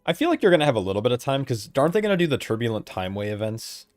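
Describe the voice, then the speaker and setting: A man's voice: mid-range voice, very animated, rapid-fire, dry recording, clean studio sound, soft background music. Laid-back man streaming a game. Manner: laid-back, profane, laughs often. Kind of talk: casual gameplay chat.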